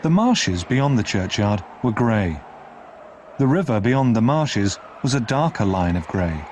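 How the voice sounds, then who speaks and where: A man narrating a retold classic novel in an expressive, dramatic reading style. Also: on the low side, a little slow, slight background noise. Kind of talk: scripted storybook narration.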